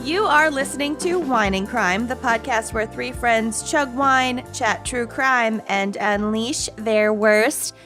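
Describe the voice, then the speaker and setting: A woman's voice: a little high, slow pace, few pauses, fairly bright tone, soft background music. A woman co-hosting a podcast, teasing her friends in casual chat. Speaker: co-host.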